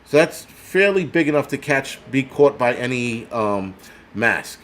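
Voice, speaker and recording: In a mid-range, fairly bright voice, an older man hosting a prepper channel from New York City rants angrily on camera. He is expressive yet a little slow, swearing heavily, being sarcastic, and mimicking others' voices to mock them.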